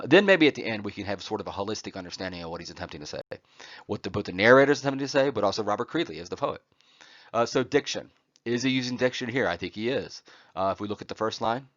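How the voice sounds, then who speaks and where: Male lecturer, lowish voice, teaching poetry terms over slides; filler-heavy, asks "right?" often, dead-dry sound. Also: fairly bright tone, no echo, highs cut off. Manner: frequent "uh" fillers and "right?" check-ins.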